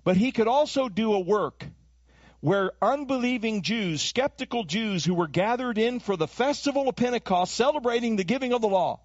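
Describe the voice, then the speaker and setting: Man, pastor, sermon, high voice, very lively pitch, dull dry lo-fi recording. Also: normal speed, no echo. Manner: animated preaching, acts out voices and accents.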